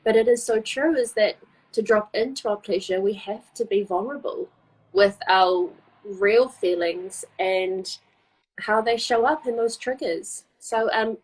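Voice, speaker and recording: Woman host of a livestream, husky, effusive and chatty, heard over a video call. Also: mid-range voice, unhurried, low-quality recording. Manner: gushing, effusive, many fillers. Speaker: host of a live interview series. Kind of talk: casual chat on a live stream.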